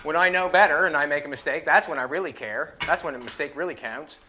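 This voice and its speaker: A middle-aged car builder and show host works in his garage workshop, fitting and tacking metal while he rambles and thinks aloud to the camera in casual shop talk. His voice runs on the high side at a quick pace, against a noisy background.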